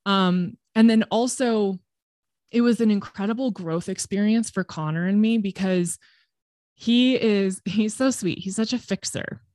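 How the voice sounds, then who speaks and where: A woman's voice: medium pitch, unhurried, no echo. Frank, outspoken woman guest, dry sound. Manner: frank and expressive, swears freely. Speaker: podcast guest. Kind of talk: candid conversational storytelling.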